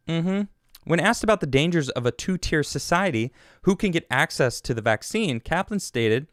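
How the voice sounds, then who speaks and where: Animated sarcastic man on a podcast. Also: a little high, moderate pace, no echo, studio quality. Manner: sarcastic, animated, reads quotes aloud and mocks them. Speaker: podcast host. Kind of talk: casual commentary on news clips.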